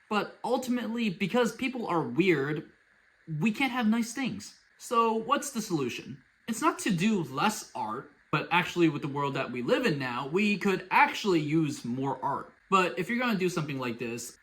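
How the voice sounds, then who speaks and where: A man hosting a casual commentary vlog, talking in a sarcastic, exasperated way. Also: fairly high pitch. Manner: sarcastic, exasperated, lively storytelling. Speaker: YouTube commentary host.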